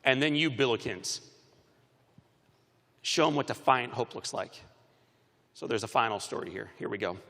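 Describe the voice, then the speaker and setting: Guy doing a lively commencement speech, bright tone, long arena echo. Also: mid-range voice, normal speed, long pauses. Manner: animated storytelling, varying loud and soft. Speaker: commencement speaker. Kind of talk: motivational speech. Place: large arena.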